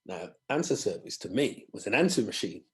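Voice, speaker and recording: A man, a guest musician telling animated anecdotes in a podcast interview and acting out other people's voices. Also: on the low side, brisk. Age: 50s.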